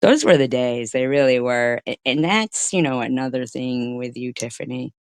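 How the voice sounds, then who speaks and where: A woman's voice: very deep voice, normal speed, dry recording, clean studio sound. A middle-aged woman hosting a live-stream commentary, swearing, sarcastic and mocking, and drifting into chatty stories. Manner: chatty storytelling.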